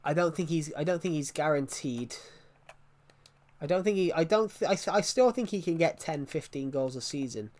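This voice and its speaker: Speaking at a normal speed, a young gaming streamer has a high-leaning voice with a somewhat dark tone. He talks casually to his live viewers, wandering between opinionated remarks and answers to chat comments.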